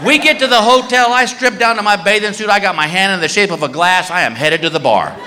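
A man's voice: sits high, quick pace, faint music behind. A man doing stand-up, telling a story and acting out the voices and screams. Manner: animated, acts out voices and screams. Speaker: stand-up comedian. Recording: live room with long reverb.

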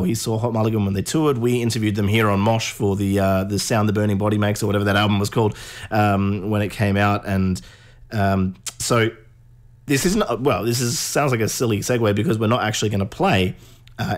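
A young man hosting a music radio show, talking in a loose, rambling way and swearing now and then. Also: lowish voice. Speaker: radio host. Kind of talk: casual radio chat.

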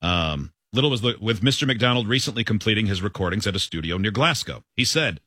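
A man's voice: on the low side, fast talker, no room sound, clean studio sound. A man hosting a morning radio show, reading a news story aloud and bantering with his co-hosts. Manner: animated, laughs often while reading.

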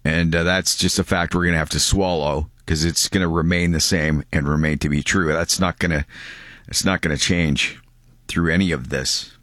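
A man with a very low voice talks on air with a close, dry studio sound. He rambles through his commentary in a loose way, full of fillers. He sounds like a Canadian radio host. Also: steady tone, moderate pace, fairly bright tone, no room sound. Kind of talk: casual talk radio commentary.

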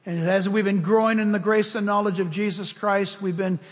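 A man preaching a sermon as pastor, telling stories with swings between loud bursts and hushed asides. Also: sits high, steady tone, normal speed, long reverb tail.

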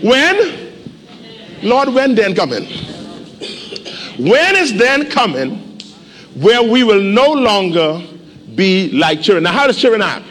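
A man pastor preaching a sermon in a church, animated and urging the congregation to respond. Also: sits high, slow pace, pauses often, big-room sound. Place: church sanctuary.

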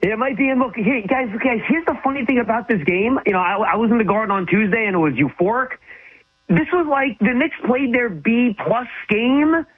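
A man's voice: extremely high pitch, moderate pace, slightly rough. A man calling in as an insider guest on a sports talk show, chatting casually with frequent stammered restarts. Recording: tinny phone line.

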